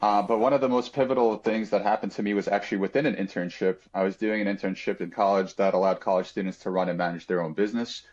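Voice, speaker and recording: A man's voice: lowish voice, fairly even intonation, quick pace, few pauses, a little mellow, muffled recording. A man telling a personal story on a podcast in an earnest, reflective way, with frequent fillers and restarts.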